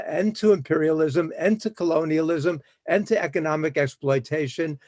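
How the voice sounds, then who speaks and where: A man recounting history as a speaker at a public talk, his voice sitting a little high. He tells it like a story, brisk and full of small restarts and fillers. The sound is dry and close. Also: darkish tone, no echo.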